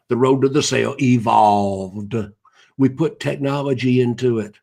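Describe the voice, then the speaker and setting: A man's voice: mid-range voice, expressive, moderate pace, creaky, a little mellow. A man, hosting a live broadcast in a casual, rambling way and greeting viewers by name as he goes.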